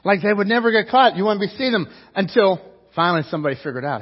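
A man's voice: high-pitched, big pitch swings, fairly quick, husky, dull audio. A man preaching a sermon as pastor, telling the story vividly and acting out the characters' lines.

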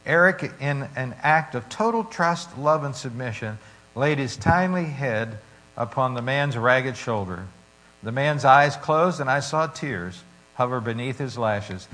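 A man preaching, reading a story and scripture with dramatic shifts in loudness. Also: medium pitch, lively intonation, a little slow, poor audio. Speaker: pastor.

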